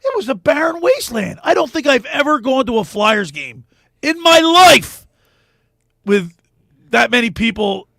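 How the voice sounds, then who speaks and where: A man hosting a sports radio show, telling a long story in a lively, animated way. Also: very high voice, unhurried, vocal fry. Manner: animated storyteller, laughs at his own tales. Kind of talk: casual radio chat and storytelling.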